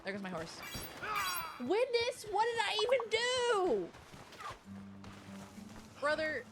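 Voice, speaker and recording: A woman streaming a video game, reacting to it in excitable, profane casual chat. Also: very high voice, takes it slowly, loud music behind the voice. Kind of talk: casual live-stream chat while gaming.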